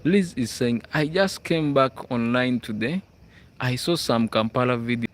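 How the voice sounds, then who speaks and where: A Ugandan man with a medium-pitched voice hosts a livestream at a slightly slow pace, speaking Ugandan English. He chats casually, reads out viewer comments and keeps checking in with "hmm?" It's nighttime, and he's outdoors on school grounds.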